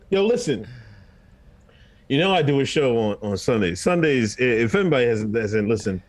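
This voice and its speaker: A man's voice: mid-range voice, moderate pace. Podcast guy chatting, voice jumps all over, laughs a bunch. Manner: animated, laughing, quotes people in put-on voices. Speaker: podcast co-host. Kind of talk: casual chat.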